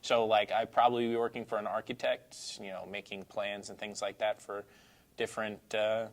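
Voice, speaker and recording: New york guy, teacher, lowish voice, chatting easy in an interview, laughs a lot. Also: normal speed. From Brooklyn, New York. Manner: relaxed, rambling, laughs easily. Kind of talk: casual interview answers.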